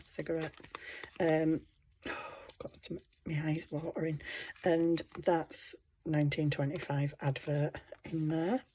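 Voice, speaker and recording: Chatty woman showing off her crafts, a bit low-voiced, laughs at herself a lot. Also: darkish tone. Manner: chatty, giggly, self-deprecating. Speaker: craft vlogger. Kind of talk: casual show-and-tell narration.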